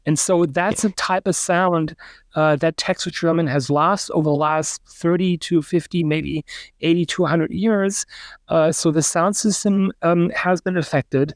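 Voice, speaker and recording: Professorial man, slightly high voice. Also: steady tone, measured pace, dry recording. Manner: lecturing, demonstrates pronunciations aloud, frequent uh and um. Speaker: linguistics professor, guest. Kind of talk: podcast interview, explaining.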